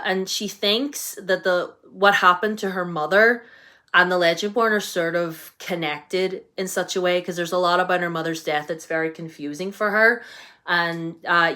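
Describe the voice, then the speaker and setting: A woman's voice: fairly low pitch, normal speed, bright, forceful tone. A young British woman reviewing books on her channel in a casual, rambling way, full of fillers and restarts. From United Kingdom. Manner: chatty and rambling, many fillers and restarts, enthusiastic. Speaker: book vlogger. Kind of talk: casual book review chat.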